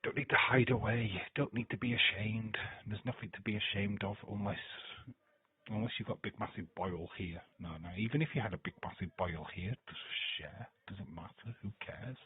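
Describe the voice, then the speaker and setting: A man's voice: fairly low pitch, normal speed, slightly rough, no echo. A man hosting a live stream, chatting loosely with viewers, reading their comments, swearing and laughing as he goes. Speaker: live-stream host reacting to wrestling. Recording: tinny phone-like dry sound.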